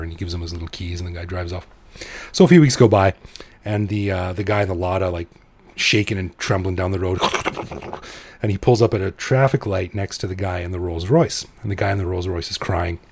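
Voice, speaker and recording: A man with a slightly low, husky voice co-hosts a relaxed podcast. He tells stories with animation and switches between the characters' voices as he goes. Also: a little fast, no echo. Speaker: podcast co-host. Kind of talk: casual podcast chat and joke telling.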